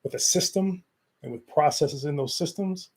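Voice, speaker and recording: A man's voice: a little high, normal speed, husky. A man co-hosting a casual chat, explaining business metrics with frequent repeats and fillers. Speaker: co-host.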